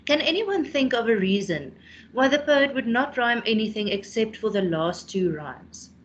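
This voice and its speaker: A woman's voice: a little high, expressive, normal speed, lo-fi sound, slight background noise. A South African woman teaching a class online, explaining a poem and often ending with "hey?".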